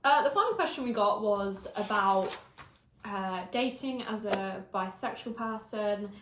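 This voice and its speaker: A woman's voice: mid-range voice, expressive, measured pace, fairly bright tone, a little hiss or hum. A twenty-year-old English woman from Essex, hosting a casual chat while eating and laughing often. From Essex, England. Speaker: YouTube host. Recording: roomy echo.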